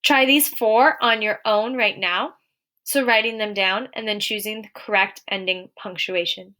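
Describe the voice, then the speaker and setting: A young adult woman teaching a recorded lesson to young children, clear and encouraging, slowing down to read example sentences aloud. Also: medium pitch, steady tone, pushed and bright.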